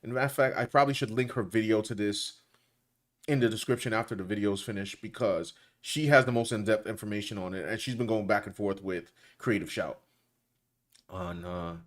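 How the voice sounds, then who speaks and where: A man's voice: on the low side, fairly even intonation, brisk. A man co-hosting a casual commentary chat, talking loosely and colloquially with lots of restarts. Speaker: co-host.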